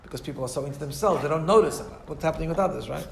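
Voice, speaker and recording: A man teaches a class lecture conversationally, often restarting sentences and repeatedly asking "right?" to check in with listeners. His voice is a little high, very fast and creaky, heard in a roomy recording with a little hiss or hum.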